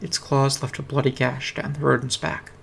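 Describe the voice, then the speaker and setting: A man's voice: mid-range voice, flat delivery, normal speed, gravelly, a little hiss or hum. A man reading a fantasy fan story aloud on a stream, with a dry, wry delivery. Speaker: reader. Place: home streaming setup. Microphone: streaming mic.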